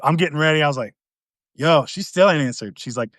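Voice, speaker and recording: A man hosting a podcast, telling a long dating story in a casual, animated way, acting out the quotes with big swings in pitch and volume. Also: fairly quick, no room sound, studio quality. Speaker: podcast host.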